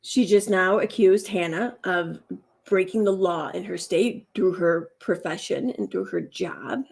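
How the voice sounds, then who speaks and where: A woman's voice: fairly low pitch, a little slow, creaky, slightly rough. A woman commentating casually on a clip, musing with sarcasm and many fillers.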